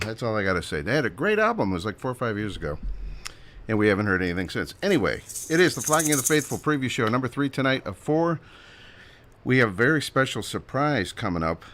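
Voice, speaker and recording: A man with a lowish voice hosts a radio show, chatty, upbeat and loose as he rambles. He sounds a little out of breath, as if he is running between tasks. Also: fairly bright tone, slight background noise. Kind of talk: casual radio hosting.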